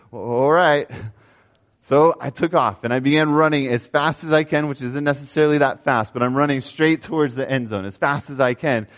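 A young man preaching a sermon, telling a story with animated swings between raised emphasis and quiet asides. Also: medium pitch. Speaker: pastor.

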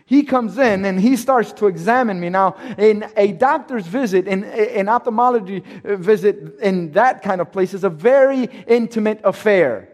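A man with a high voice tells a personal story with drama. He acts out the dialogue and sinks into hushed tones when the tension rises. His voice carries a long reverb, as if in a big hall. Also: normal speed, hardly any pauses. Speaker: speaker telling a personal story.

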